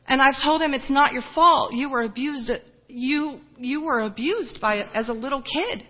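A woman missionary giving an earnest, emotional personal testimony, often halting and restarting as she speaks. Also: sits high, dull audio.

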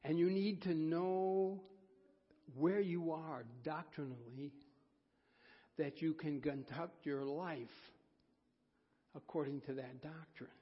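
A man preaching a folksy, self-deprecating sermon, with halting restarts. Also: on the high side, fairly even intonation, slightly rough. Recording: dull sound, long hall reverb.

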